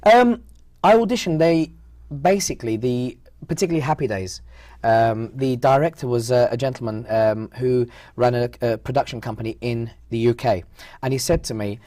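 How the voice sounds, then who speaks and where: English male performer, relaxed anecdotal talker, dry studio sound. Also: mid-range voice, moderate pace, dry recording. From United Kingdom. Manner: chatty storyteller, relaxed and self-mocking. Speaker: stage performer and guest. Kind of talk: casual interview chat.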